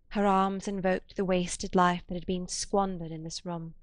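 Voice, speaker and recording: A woman narrating a literary audiobook in a measured, quiet and deliberate way. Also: fairly low pitch, little pitch movement, no echo.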